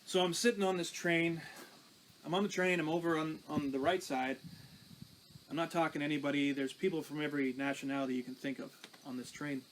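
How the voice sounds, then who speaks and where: A man's voice: on the high side, fairly even intonation, fairly quick, a little hiss or hum, low-quality recording. Man telling his testimony. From Canada. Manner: conversational, recounting with small restarts. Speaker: pastor. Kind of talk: personal testimony storytelling.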